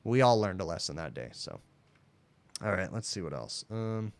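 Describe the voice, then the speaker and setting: A man's voice: deep voice, very animated, moderate pace. A man hosting a casual livestream Q&A, telling work stories in a chatty, laid-back way. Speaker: livestream host, HVAC technician.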